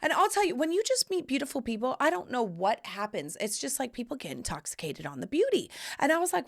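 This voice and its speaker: A woman's voice: a little high, sing-song, brisk, gravelly, hardly any pauses. A woman hosting a podcast, telling stories in a chatty, playful way with sassy asides. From United States. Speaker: podcast host. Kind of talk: casual chat to camera.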